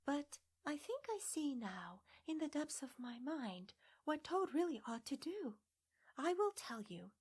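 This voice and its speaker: A woman's voice: sits high, very animated, unhurried, darkish tone, voice pushed up. A woman voicing an eager, thoughtful male water rat in a storybook reading. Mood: musing.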